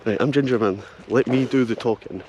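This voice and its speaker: An excitable Scottish man narrates a handheld vlog as he wanders outdoors, jokey and animated in a mid-pitched voice. His camera audio carries a steady hiss of outdoor noise. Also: fairly quick. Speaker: vlogger host. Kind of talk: casual handheld travel vlog. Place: outdoors at a campsite festival.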